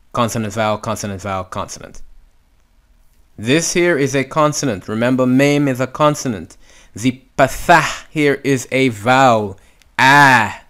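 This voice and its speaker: A man's voice: medium pitch, a bit bright. A man teaching Hebrew reading in a video lesson, sounding out syllables and often checking in with "okay?". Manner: patient, repetitive, checks in with "okay?".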